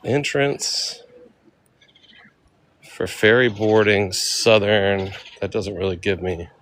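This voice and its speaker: A man's voice: fairly low pitch, slow pace, a bit bright, a little hiss or hum. A man vlogging outdoors by a bay, exclaiming over the scenery as he looks for the ferry. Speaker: travel vlogger. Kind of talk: casual walking commentary.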